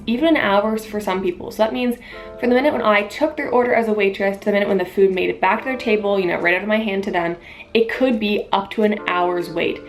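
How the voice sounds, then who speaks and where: A young woman, a waitress, telling a story of a rude customer in a casual vlog, acting out the dialogue with emphasis. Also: medium pitch. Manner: animated, emphatic retelling with quoted dialogue. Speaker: vlogger, waitress.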